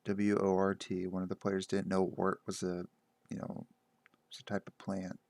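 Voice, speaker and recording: A man with a low, gravelly voice recaps a tabletop session he ran as game master. He rambles loosely, with plenty of "like" and "uh." The sound is close and dry. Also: completely flat delivery, moderate pace, darkish tone, no echo. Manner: meandering, loose, lots of "like" and "uh". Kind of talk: casual rambling monologue.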